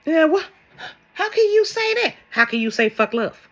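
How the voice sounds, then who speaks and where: A woman's voice: very high-pitched, very animated, normal speed. A woman speaking as a spiritual love coach in a vlog monologue, blunt and sassy, swearing and firing rhetorical questions at her viewers.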